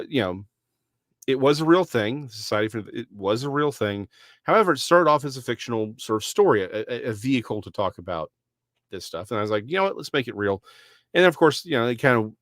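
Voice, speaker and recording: A man's voice: medium pitch, a bit bright, dry recording, clean studio sound. A middle-aged man with a Texan accent co-hosting a casual podcast chat, easygoing and chatty with many fillers. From Dallas, Texas. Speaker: podcast co-host.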